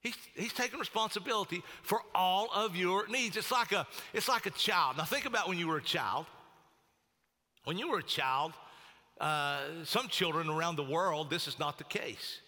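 A male pastor delivers a sermon in a conversational but emphatic manner, circling back to his key phrases. His voice is fairly high and strikingly bright and sharp. It rings through a large sanctuary with a long reverb. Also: normal speed.

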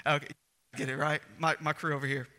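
A man's voice: a little high, flat delivery, quick pace, bright, forceful tone. A man preaching a sermon as pastor, emphatic and repeating phrases for stress. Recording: echoey hall reverb.

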